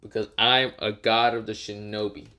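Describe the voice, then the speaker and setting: A man's voice: on the low side, level tone, moderate pace, bright, forceful tone. A man telling an improvised fan story in a casual, profane way, laughing at his own jokes.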